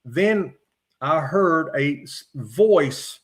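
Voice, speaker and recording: A middle-aged man from Virginia, a podcast guest calmly recounting his own encounters from his notes with frequent "uh" fillers. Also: on the high side. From West Virginia. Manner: measured, matter-of-fact retelling with frequent "uh" fillers. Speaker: podcast guest, former state trooper.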